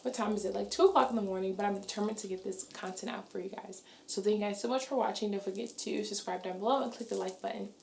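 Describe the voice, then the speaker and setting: A young adult woman, a schoolteacher, talking fast and chatty in a casual vlog, her voice raspy and tired. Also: medium pitch, fairly even intonation, reverberant, noisy background. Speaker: elementary school teacher. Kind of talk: casual vlog talk to camera.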